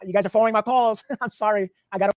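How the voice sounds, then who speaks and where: A man talks quickly and casually as a livestream host, his voice dry and close to the mic. He speaks in a conversational, reassuring way to a caller and his viewers. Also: sits high, fairly even intonation, darkish tone, dry recording.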